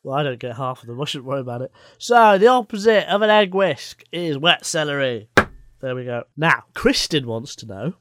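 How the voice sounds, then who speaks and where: A man's voice: fairly high pitch, animated, moderate pace. A man co-hosting a comedy podcast, chatting playfully and laughing often. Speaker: podcast co-host. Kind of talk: casual comedic chat.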